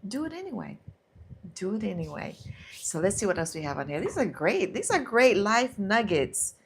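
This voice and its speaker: A woman with a fairly low voice hosts a live motivational stream and talks casually into a close microphone. Her delivery is animated, and she slips into self-talk as she encourages her listeners. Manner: warm, animated self-talk, sometimes laughing.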